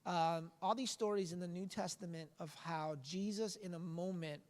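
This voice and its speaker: A man's voice: high voice, fairly even intonation, normal speed. Earnest preachy man in a reverberant room. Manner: earnest, preachy, with frequent restarts. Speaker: pastor. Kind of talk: casual podcast discussion.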